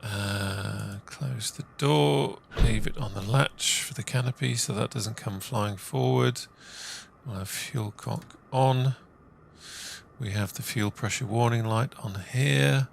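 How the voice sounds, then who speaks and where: A man hosting a flight simulator video, chatting in a relaxed, casual way and filling gaps with "uh". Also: medium pitch, slow, creaky, slight background noise. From England. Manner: relaxed, chatty, lots of "uh" fillers. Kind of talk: casual gameplay commentary.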